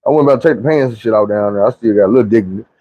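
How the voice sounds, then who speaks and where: A man's voice: fairly low pitch, rapid-fire, dry recording, lo-fi sound. A man casually telling a story from his own life in a slangy, profane, conversational way.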